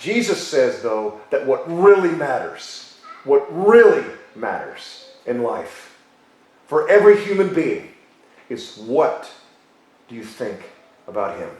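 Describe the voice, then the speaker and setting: Man preaching, emphatic, lively pitch, repeats phrases, very echoey church hall. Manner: emphatic, repeats key phrases, slows for stress. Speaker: pastor. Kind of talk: sermon. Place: church sanctuary.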